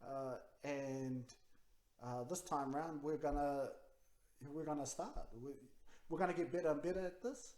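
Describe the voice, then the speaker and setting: A man's voice: a little high, fairly even intonation, a little slow, a little mellow, reverberant. A man co-hosting a casual rugby league podcast, rambling and repeating himself, then getting worked up. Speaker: podcast co-host.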